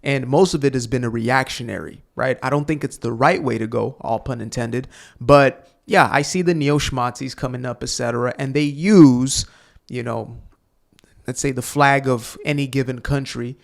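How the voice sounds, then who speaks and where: Creaky-voiced sarcastic male commentator. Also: medium pitch, normal speed. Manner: sarcastic, mocking. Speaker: commentary channel host. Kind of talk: opinionated commentary reacting to clips.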